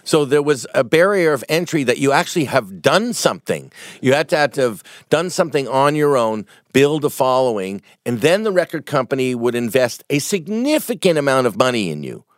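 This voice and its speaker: Measured middle-aged man from Canada. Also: mid-range voice, very animated, no echo. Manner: measured, explains with examples, holds his ground. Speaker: music manager, guest. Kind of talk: conversational interview.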